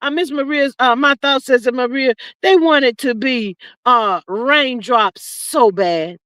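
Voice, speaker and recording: A woman's voice: sits high, measured pace, a bit bright, no echo. A woman hosting a casual livestream, reading out chat comments in a drawling, sassy, preachy way. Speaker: livestream host.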